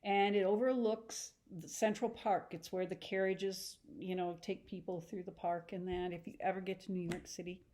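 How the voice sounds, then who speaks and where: A woman teacher retelling a story in a chatty, animated lesson, acting out the scenes as she goes. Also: on the low side, normal speed, few pauses. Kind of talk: casual lesson retelling a novel.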